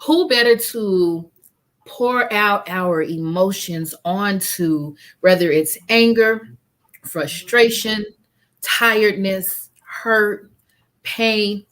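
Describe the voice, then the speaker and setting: A woman's voice: mid-range voice, drawn-out words, a bit bright. A woman in her fifties hosting a faith-based interview from home over a video call. She speaks earnestly as a grief counselor and repeats key lines like rhetorical preaching. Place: at home with family around.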